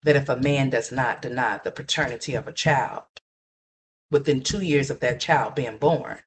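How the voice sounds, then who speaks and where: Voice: mid-range voice, moderate pace. A livestream host giving ranting gossip commentary, blunt and profane, repeating points and talking straight to viewers.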